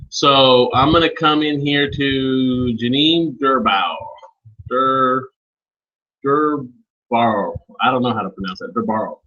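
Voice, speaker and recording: A man leading a live online training session, speaking informally and calling on attendees by name as he walks through software steps. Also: medium pitch, dull audio. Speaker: webinar trainer.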